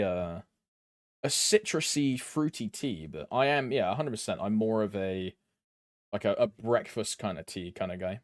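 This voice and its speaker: A man's voice: mid-range voice, sing-song, moderate pace, fairly bright tone, no room sound, studio quality. A young man from Britain chatting casually with his live-stream chat, rambling and humming between lines. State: allergies flaring up.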